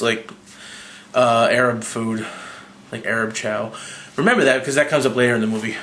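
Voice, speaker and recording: A man's voice: mid-range voice, moderate pace, roomy sound, a little hiss or hum. Tipsy rambling young man, swearing. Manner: rambling, profane, excitable. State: slightly drunk. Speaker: movie reviewer. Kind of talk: casual movie recap.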